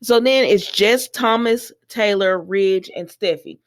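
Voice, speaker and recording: A woman giving a casual, animated recap of a soap opera, speaking straight to her viewers with slangy asides. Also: mid-range voice, a little slow.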